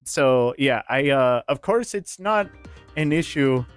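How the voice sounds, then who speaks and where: A man's voice: mid-range voice, expressive, slow, clear, resonant tone, soft background music. A man streaming from home into a studio microphone, casually chatting, telling stories animatedly with casual swearing and frequent laughter. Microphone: dynamic studio microphone.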